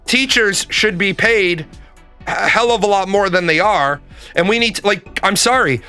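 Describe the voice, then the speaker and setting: A man with a high, sharp, clean-toned voice rants as a commentator. He's casual and profane, emphatic throughout, and hammers his points home by repeating them.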